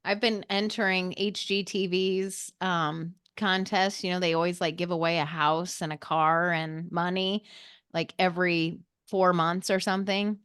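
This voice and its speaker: A woman hosting a podcast, chatty and quick to laugh, asking her guests lots of questions. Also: lowish voice, fairly even intonation, fairly bright tone, clear, resonant tone, dry recording, clean studio sound. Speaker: podcast host. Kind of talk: casual chat.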